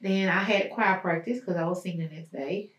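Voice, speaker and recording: A woman recounting a personal ordeal as a guest, halting and searching, with many pauses and fillers. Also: on the low side, muffled recording. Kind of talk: personal testimony in an interview. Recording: roomy echo, mic at a distance.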